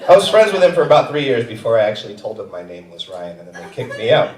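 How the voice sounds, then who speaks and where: Brief: thirties male stand-up, self-mocking, lively pitch, echoey theater from afar. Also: fast, heavy background noise. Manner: self-mocking, drops to quiet asides. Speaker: stand-up comedian. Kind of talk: stand-up comedy set. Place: comedy theater stage. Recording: echoey theater, far from mic.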